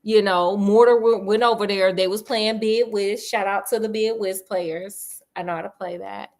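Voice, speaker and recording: Woman telling a story all slangy and animated, calls u honey, cracks jokes. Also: mid-range voice, normal speed. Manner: slangy, animated, talks to listener. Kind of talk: comedic casual story retelling.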